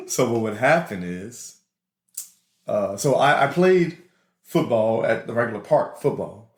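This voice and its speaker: This man's fairly low voice, heard with a roomy sound, has a New Orleans accent. As co-host of a podcast, he spins animated, laughing tales of his school days in a casual chat.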